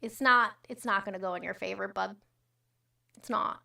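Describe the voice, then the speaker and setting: A woman's voice: mid-range voice, normal speed, creaky, sharp tone, distant mic. A woman hosting a casual livestream, chatting with commenters and reading news with blunt, profane, sarcastic asides. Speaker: livestream host.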